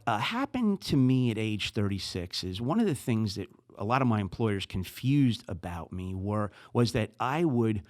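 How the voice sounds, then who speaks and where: Excitable New Jersey man hosting a podcast. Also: medium pitch, moderate pace, hardly any pauses, dry recording, studio quality. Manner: animated, excitable, talks with his hands. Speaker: podcast host. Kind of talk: casual chat.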